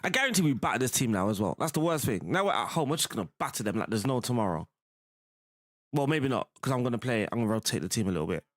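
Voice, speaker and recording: A man's voice: medium pitch, sing-song, fast talker, dry recording, studio quality. A young man, chatting casually while playing a football management game, laughing often and calling the viewer "bro". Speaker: gaming streamer.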